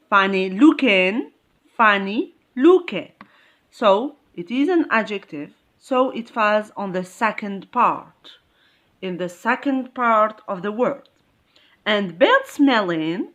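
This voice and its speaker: Female English teacher, unhurried and animated, drills rules by repetition. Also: medium pitch. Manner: slow, repetitive, emphatic explaining. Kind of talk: classroom grammar lesson.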